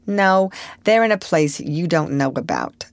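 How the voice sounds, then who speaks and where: A woman voicing a sour, aggrieved middle-aged farm wife with sharp, plaintive rural speech. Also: sits low, animated, measured pace, no echo.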